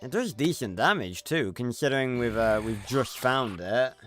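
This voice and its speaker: A male streamer talks casually over his gameplay, rambling with plenty of ums and restarts. His voice sits at an ordinary middle pitch. Faint game music plays quietly under him. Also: animated, normal speed. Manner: chatty, rambling with many fillers. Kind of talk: casual gameplay livestream chat.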